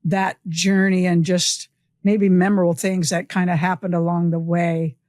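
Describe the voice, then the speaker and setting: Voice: mid-range voice, level tone, moderate pace, no room sound, clean studio sound. Laughing interviewer reminiscing about coaching. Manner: laughs often, warm reminiscing questions. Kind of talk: casual interview.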